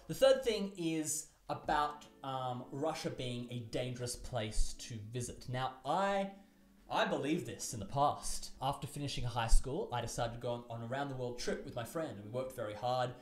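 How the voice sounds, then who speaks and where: A man talking casually in a vlog, explaining things in a loose, chatty way, with his loudness rising and falling. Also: mid-range voice, expressive, moderate pace, reverberant. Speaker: vlogger, English teacher in Russia.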